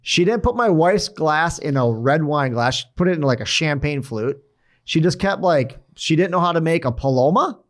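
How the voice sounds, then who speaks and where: Male podcast host, casual chat, slightly high voice, animated storyteller. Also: normal speed.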